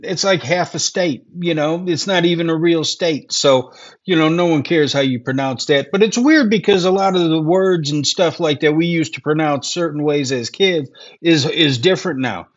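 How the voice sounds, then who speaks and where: A man's voice: fairly high pitch, normal speed. Ranting man on a lo-fi podcast. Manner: profane, ranting, rambling with many fillers. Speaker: podcast co-host. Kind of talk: casual chat. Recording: dull lo-fi sound.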